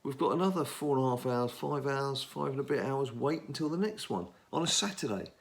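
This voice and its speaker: Brisk and lively in intonation, a mid-range male voice belongs to a middle-aged English gaming host. He chats and rambles through a mobile game, talking to himself while he plays.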